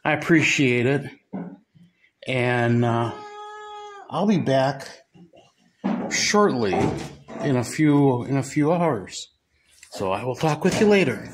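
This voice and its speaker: A man running a goat-farm vlog, talking softly and fondly to his goats in a barn, often dropping to a hush. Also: medium pitch, lively intonation, slow pace, long pauses. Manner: soft, cooing talk to the goats, often hushed. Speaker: goat farmer vlogger. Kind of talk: casual vlog chat. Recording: noisy barn recording.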